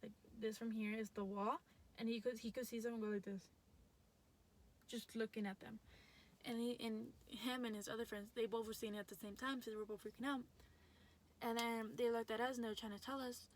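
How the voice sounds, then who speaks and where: A woman's voice: a little high, level tone, fairly quick. A young adult woman telling a story in a casual vlog, chatty and full of fillers and restarts. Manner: chatty, lots of likes and restarts. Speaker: vlogger.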